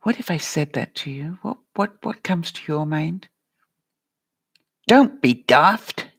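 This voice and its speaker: Gravelly husky woman, slow and earnest, cheering on chat viewers. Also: sits low, no room sound. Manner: earnest, encouraging, addresses viewers by name. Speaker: life coach vlogger. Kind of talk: live-stream pep talk answering chat.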